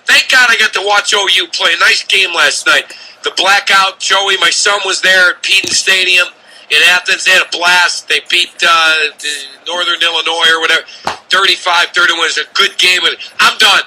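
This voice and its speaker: High, bright-voiced ranting radio host man. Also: fairly even intonation, normal speed, slight background noise, low-quality recording. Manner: ranting, shouting, exasperated. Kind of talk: sports talk radio rant. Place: radio studio.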